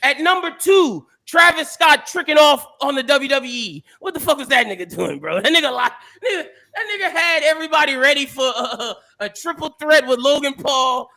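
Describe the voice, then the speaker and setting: A young man in a casual podcast chat, his voice pitched very high and strikingly bright. He rants with animated frustration and swears freely. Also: normal speed, hardly any pauses. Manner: animated ranting, heavy swearing. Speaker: podcast co-host.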